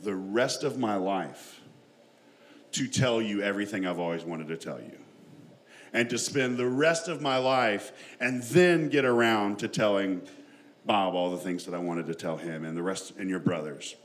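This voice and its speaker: A man's voice: fairly low pitch, normal speed, pitched below the performer's own voice, lightly acted. A man quoting his elderly mother, earnest. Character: elderly mother, muddled yet devoted.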